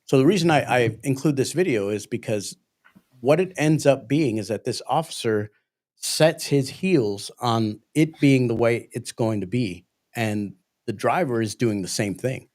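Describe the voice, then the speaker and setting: A man's voice: medium pitch, expressive, moderate pace, a little mellow. A man, a police training instructor, earnestly explaining emotional regulation on a livestream. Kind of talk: livestream discussion.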